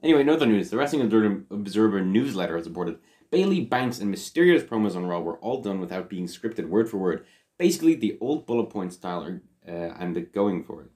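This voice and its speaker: A man's voice: fairly low pitch, big pitch swings, fast, mellow. A man co-hosting a podcast in casual chat, blunt and teasing, giving firm opinions with the odd swear word. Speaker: podcast co-host.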